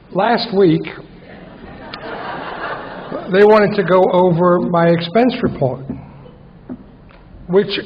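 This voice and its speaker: A man giving a wry recovery talk at a conference, telling a story and acting out his own inner voice. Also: on the high side. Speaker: AA conference speaker. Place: large conference hall. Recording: muffled conference hall recording.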